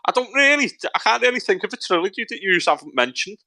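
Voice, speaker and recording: Speaking fast in a high, sing-song Scouse voice, this young podcast co-host trades crude banter with his mates. He's loud, swears constantly, laughs and keeps winding the others up.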